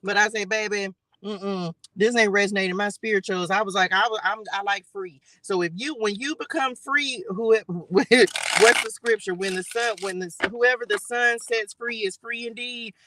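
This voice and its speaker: Man, tarot reader on a live stream; high, bright voice; chatty, sermon-like, talks straight to viewers. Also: normal speed, no room sound, poor audio. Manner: chatty, preachy, keeps addressing viewers as y'all and baby. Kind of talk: live spiritual tarot reading.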